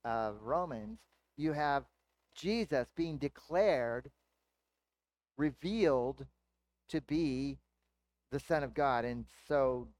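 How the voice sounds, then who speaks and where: A pastor preaching a sermon in an easy, conversational teaching manner, asking the congregation rhetorical questions. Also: male voice, medium pitch, animated, takes it slowly, pauses often, a little mellow, dry recording.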